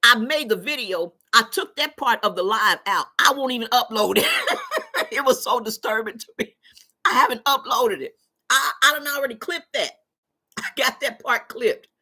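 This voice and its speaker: A woman's voice: on the high side, moderate pace, breathy edge. A woman hosting a casual live stream who tells stories with lots of laughter and talks back to her chat. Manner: animated storytelling, laughs often.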